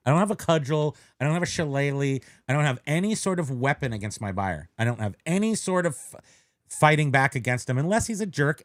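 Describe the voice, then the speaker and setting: A man's voice: medium pitch, no room sound. Rambling, joking man with a dry sound. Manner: rambling, self-correcting, joking. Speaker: podcast co-host. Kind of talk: casual chat.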